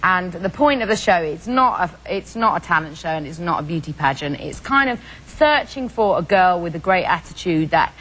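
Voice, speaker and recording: A woman's voice: fairly low pitch, normal speed, hardly any pauses, low-quality recording. Chatty British woman on a talk show. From England. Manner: chatty, animated storytelling. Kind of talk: casual chat.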